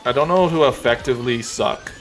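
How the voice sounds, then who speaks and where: A man streaming a game, talking in a relaxed, wry, joking way as he plays. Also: mid-range voice, brisk, faint music behind. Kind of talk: casual gameplay commentary.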